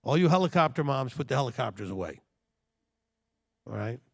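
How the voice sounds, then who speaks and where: A man in his fifties giving a lively, joking sermon-style talk to a congregation. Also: medium pitch, brisk, gravelly. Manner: animated and jokey, with mocking quoted voices. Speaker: teacher at a Torah study.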